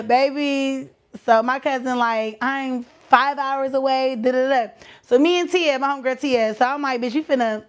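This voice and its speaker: A young woman from Texas with a Texan accent, telling a story on her podcast in a casual, animated, slangy way, acting out the voices of the people in it. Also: high-pitched, unhurried. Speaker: podcast host.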